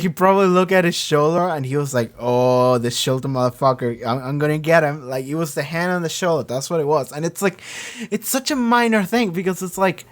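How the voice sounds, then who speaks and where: Hoarse man rambling through a review. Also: a little high. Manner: rambling, heavy on "like", swears freely. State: hoarse, voice cracking. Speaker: reaction video host. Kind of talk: casual unscripted review.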